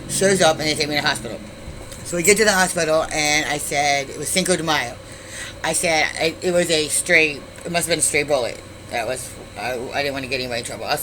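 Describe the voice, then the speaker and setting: A woman's voice: low-pitched, fairly bright tone, a little hiss or hum, rough recording. A middle-aged woman casually telling a story to her YouTube viewers, rambling and blunt, swearing freely with many asides.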